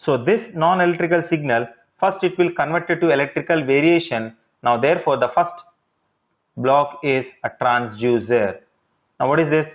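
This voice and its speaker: Male lecturer, repetitive teaching style with rhetorical checks, fairly high voice, tinny lo-fi recording. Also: normal speed. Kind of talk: classroom lecture. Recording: tinny phone-like audio.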